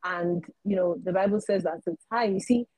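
A woman co-hosting a faith talk show, calmly explaining a Bible story. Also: medium pitch, fairly quick, no room sound, rough recording. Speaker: co-host.

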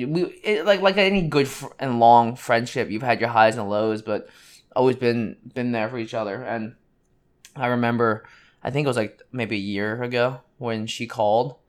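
A man in his thirties, co-hosting a podcast in casual chat, rambling with many ums and restarts. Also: mid-range voice. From United States. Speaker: podcast co-host.

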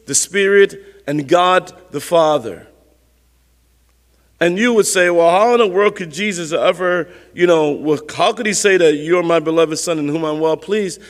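A man preaches in a church sanctuary, his fairly high voice carrying a long reverb around the hall. He talks the sermon through conversationally, asking rhetorical questions and repeating key phrases for emphasis. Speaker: pastor.

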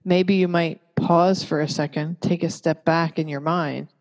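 A woman giving a calm, measured talk that teaches parents. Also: low-pitched. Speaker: parenting educator. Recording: long reverb.

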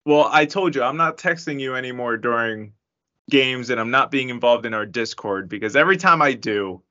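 A man's voice: mid-range voice, brisk, sharp tone, muffled recording. A man co-hosting a casual sports podcast, laid-back and wry, often laughing along. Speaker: podcast co-host.

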